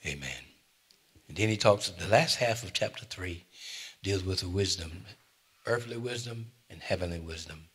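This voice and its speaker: An older man preaches a sermon in church, his low voice bright and forceful with a husky grain. He moves between quiet, confiding asides and sharp, loud declarations, often calling out to his congregation. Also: normal speed. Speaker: pastor.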